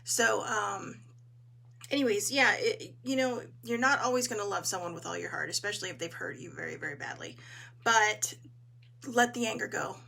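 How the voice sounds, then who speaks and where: A woman hosting a casual live talk, her voice hoarse as she chats in an encouraging way and greets viewers. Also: medium pitch, moderate pace, pushed and bright. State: hoarse, clearing her throat. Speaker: host.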